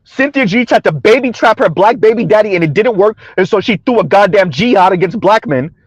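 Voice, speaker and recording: A man's voice: sits high, expressive, fairly quick, breathy edge, dry recording. A man giving a combative, sarcastic opinion rant to his viewers, repeating his points and laughing between them. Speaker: commentary vlogger.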